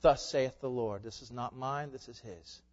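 A man's voice: mid-range voice, normal speed, a little mellow. A male pastor preaching a sermon, emphatic and pleading, with many rhetorical questions. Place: church sanctuary. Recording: dull sound with long hall reverb.

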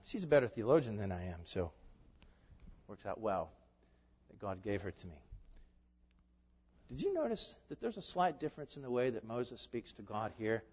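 A man preaching an expository sermon, asking the congregation rhetorical questions and swinging between loud emphasis and hushed asides. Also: medium pitch. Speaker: pastor. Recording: reverberant hall, dull lo-fi sound.

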